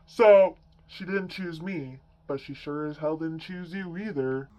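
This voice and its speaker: A woman's voice: low voice, measured pace, warm tone, voice pushed down, rough recording. A woman voicing a bitter, spiteful young ex-boyfriend in a sneering, mocking impression. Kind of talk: mocking impression in casual chat.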